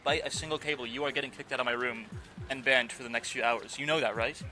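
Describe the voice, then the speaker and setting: A man's voice: mid-range voice, steady tone, fast, sharp tone, soft background music. A young man streaming from his room, chatting casually with his viewers, swearing offhand and talking to his pet. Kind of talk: casual live-stream chat. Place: home room. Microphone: desk microphone with noise gate.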